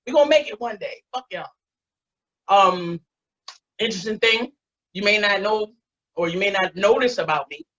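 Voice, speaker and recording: A woman's voice: mid-range voice, expressive, moderate pace, long pauses, a bit bright. A woman, doing a brash, profane stand-up comedy set. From Baltimore, USA. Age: 40s. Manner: profane, brash, streetwise storytelling. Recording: muffled lo-fi online stream.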